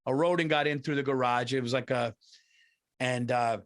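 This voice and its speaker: A man's voice: mid-range voice, fairly even intonation, moderate pace. A man telling a rambling, profane story as a podcast co-host in casual chat.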